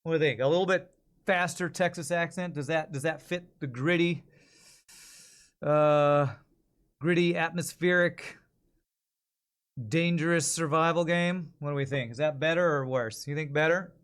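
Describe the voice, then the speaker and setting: A male streamer talks casually on a live stream, working through voice-over takes. He thinks out loud, often trails off, and keeps asking his viewers what they think. His speaking voice sits a little high for a man. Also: steady tone, moderate pace, pauses often, clean tone. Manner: chatty, thinks out loud and asks chat for feedback.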